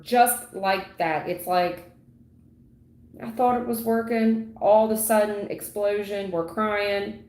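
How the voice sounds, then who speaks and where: A woman's voice: mid-range voice, warm tone. Dramatic woman reading tarot cards. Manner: dramatic, repetitive, full of sound effects. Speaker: tarot reader. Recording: echoey room.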